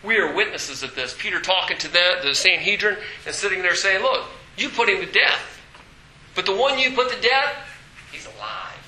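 Bright-voiced animated man preaching. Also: high-pitched, moderate pace, echoey room, poor audio. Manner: animated, breaks into shouts and acted quotes. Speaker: pastor. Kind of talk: sermon.

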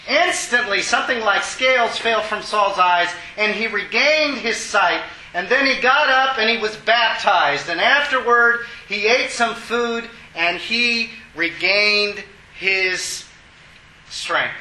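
A man's voice: high voice, lively intonation, slow, bright, forceful tone, echoey room, poor audio. A man preaching a sermon, reading scripture aloud and breaking off to explain it in an emphatic, exclaiming way. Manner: emphatic, exclaiming, chuckles at asides. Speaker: pastor.

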